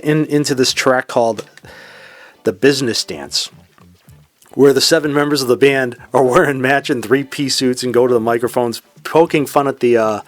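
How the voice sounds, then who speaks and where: A man's voice: medium pitch, dry recording. A man hosting a solo music podcast, talking casually with rambling enthusiasm. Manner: enthusiastic, rambling, exclaims "oh my goodness". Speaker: podcast host.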